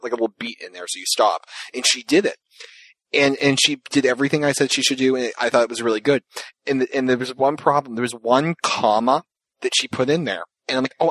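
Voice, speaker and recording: Fast-talking man, chatty podcast co-host. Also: medium pitch, no echo, poor audio. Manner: rambling, animated storytelling with voiced quotes. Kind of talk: casual podcast chat.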